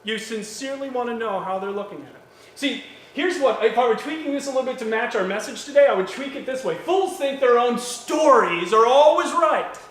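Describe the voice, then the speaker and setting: A man preaching a sermon, lively and acting out quoted voices, with gentle humor. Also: very high voice, quick pace. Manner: animated, acts out quoted voices with jokes. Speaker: pastor. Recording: echoey church hall with faint ambience.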